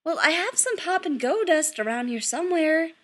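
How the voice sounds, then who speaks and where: A woman's voice: high-pitched, animated, normal speed, a bit bright, pitched above the performer's own voice. Woman doing a chattering witch mom. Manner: sweet, chattering, laughing. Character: bubbly doting witch mother, middle-aged.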